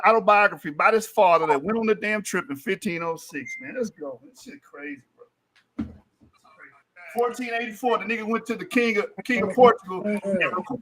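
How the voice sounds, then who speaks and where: A man with a high, bright voice trash-talks through a heated online debate. He boasts, swears freely and mocks his opponents, laughing between points. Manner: boastful, profane, mocking with frequent laughter.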